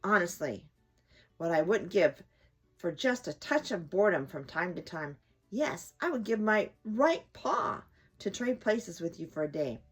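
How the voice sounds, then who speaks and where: A woman voicing a chatty male squirrel who lectures a cat through a window, in a lively storybook reading with soft music behind. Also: lowish voice, a little slow, husky, full character voice. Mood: lecturing. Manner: lecturing, earnest.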